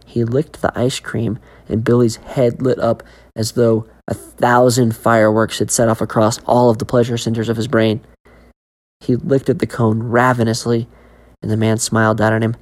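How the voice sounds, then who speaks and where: Very deep-voiced woman reading a horror story. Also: little pitch movement, moderate pace, darkish tone. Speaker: narrator. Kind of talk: scripted horror story narration.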